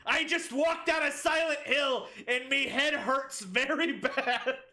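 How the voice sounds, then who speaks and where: A goofy, pirate-talking teenage girl, as a woman puts her on for a laugh, her voice raised a little and bright in tone. She growls out cartoonish sailor slang with a silly swagger. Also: sits high, takes it slowly, voice pushed up, full character voice.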